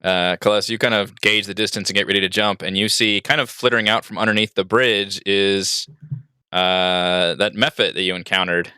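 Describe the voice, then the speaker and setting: Bright-voiced man running a tabletop game. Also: lowish voice, moderate pace, clean tone, dry recording, clean studio sound. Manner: relaxed, full of fillers and hedges. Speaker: dungeon master.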